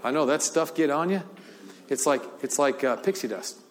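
A man's voice: fairly high pitch, lively intonation, normal speed, a crowd in the background, noisy background. An older man preaching a sermon, telling a story with frequent laughter and repeated words. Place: large church hall. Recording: long hall reverb.

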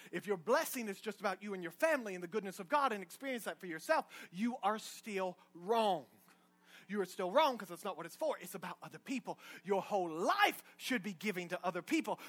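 A middle-aged man preaching a sermon in a church, energetic and humorous, at times rising to a shout. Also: sits high. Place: church sanctuary.

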